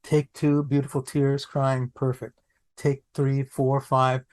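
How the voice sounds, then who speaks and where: A man, an actor guest on a podcast, telling anecdotes in an animated way, repeating phrases for comic effect. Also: mid-range voice, slow. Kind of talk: anecdotal storytelling.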